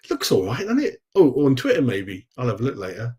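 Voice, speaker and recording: A man's voice: medium pitch, wildly swooping pitch, brisk, hardly any pauses, mellow, slightly rough. A middle-aged man hosting a casual live fan stream, chatty and blokey, calling his viewers mate. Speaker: fan channel host. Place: home room.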